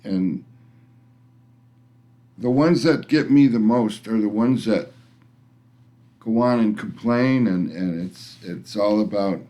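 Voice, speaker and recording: A middle-aged man grumbles at an unhurried, drawn-out pace, blunt and cranky as he rambles through his complaints. His voice sits mellow and dark, and he often restarts his sentences mid-thought. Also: fairly low pitch. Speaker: vlogger. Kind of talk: casual rant to camera.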